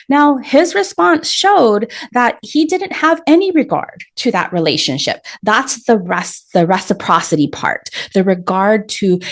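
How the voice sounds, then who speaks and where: A woman hosting her own astrology show, giving solo commentary and taking things apart point by point with emphasis and a light laugh now and then. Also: medium pitch.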